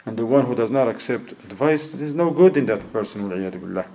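A man's voice: medium pitch, lively intonation, fast, mellow, rough recording. A man giving a sermon who acts out quoted people and mixes in Arabic phrases. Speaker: preacher.

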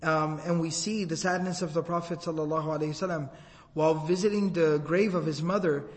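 A man's voice: a little high, steady tone, brisk. A man giving a religious lecture, telling a story and quoting Arabic texts before translating them. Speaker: Islamic lecturer. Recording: long hall reverb.

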